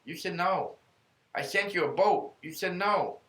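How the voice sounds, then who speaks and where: God as voiced by a man telling a story, measured and lecturing, in an echoey room. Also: high-pitched, fairly bright tone, voice pushed up. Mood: explaining. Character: patient God, a calm male voice explaining.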